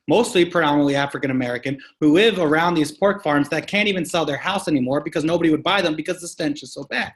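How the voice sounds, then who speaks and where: A man talking as an interview guest about farming, telling an animated story with emphatic, punchy delivery and casual swearing. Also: on the high side, fast, hardly any pauses. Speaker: guest, sustainable farming practitioner. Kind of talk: conversational storytelling.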